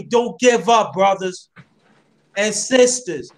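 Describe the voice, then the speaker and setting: A man's voice: extremely high pitch, measured pace, a bit bright. A man hosting a casual chat, talking with passion and addressing listeners directly, often repeating himself. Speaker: host.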